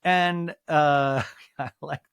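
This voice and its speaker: Animated, excitable man hosting a podcast. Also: fairly high pitch, very slow, gravelly, clear, resonant tone, dry recording. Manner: animated, excitable, laughs often; jumps into exaggerated voices when quoting people. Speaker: podcast host. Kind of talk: casual chat recapping a TV episode.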